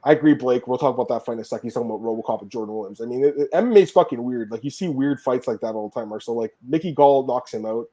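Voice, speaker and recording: A man hosting a casual sports podcast, talking fast and excitedly, swearing and laughing often. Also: medium pitch. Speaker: podcast host.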